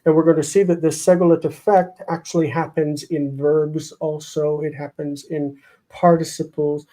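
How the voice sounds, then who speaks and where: A man's voice: fairly high pitch, level tone, dark tone, low-quality recording. Man teaching Hebrew grammar live. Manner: explains, repeats words slowly, reads out comments. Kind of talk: live online lesson.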